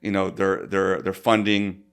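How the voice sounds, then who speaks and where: A man's voice: low voice, little pitch movement, unhurried, vocal fry, smooth. A man co-hosting a casual podcast, talking things through thoughtfully with many restarts and repeated words. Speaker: co-host, college professor.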